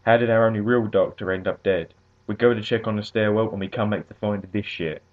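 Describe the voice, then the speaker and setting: A frantic male executive who shouts and curses as panic takes hold, as a man reading the story puts him on. The voice sits low. It comes through a tinny, phone-like line. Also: fairly even intonation, fairly quick, natural voice. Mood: accusing. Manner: shouting, swearing, voice quivering.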